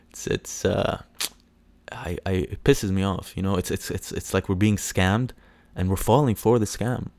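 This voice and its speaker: A man's voice: lowish voice, unhurried, vocal fry, no room sound. A man hosting a casual solo podcast, rambling with lots of fillers, swearing and mocking impressions. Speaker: podcast host.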